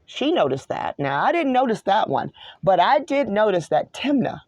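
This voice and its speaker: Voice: medium pitch, big pitch swings, moderate pace, a little mellow, no room sound. A host in their mid-forties from New York, giving a solo study talk that wanders from one point to another. They stop often to correct themselves. The recording is dry and close, with no room sound. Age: 40s. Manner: rambling, digressive, self-correcting. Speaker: online show host.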